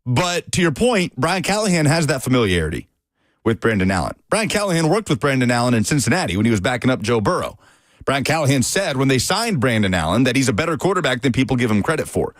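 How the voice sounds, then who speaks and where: A man hosting a sports talk radio show, breaking down football news with a steady, analytical delivery from a studio. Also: mid-range voice, fast talker, dry recording.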